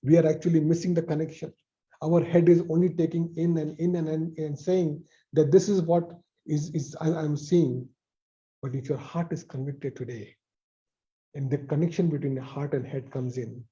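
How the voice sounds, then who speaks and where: A man preaching a sermon over a video call, repeating phrases with emphasis and dropping softly at line ends. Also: a little high, steady tone, normal speed, dull audio. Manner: repetitive, emphatic with soft drops.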